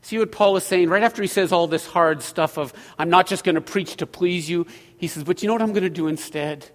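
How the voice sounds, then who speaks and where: A middle-aged male pastor preaching a sermon, swinging from loud emphatic lines to hushed ones. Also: sits high, brisk. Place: church sanctuary. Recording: long hall reverb.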